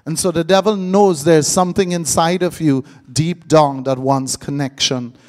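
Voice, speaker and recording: A man's voice: on the high side, fairly even intonation, normal speed, darkish tone. A man preaching a live sermon, joking and quizzing his congregation. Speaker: pastor.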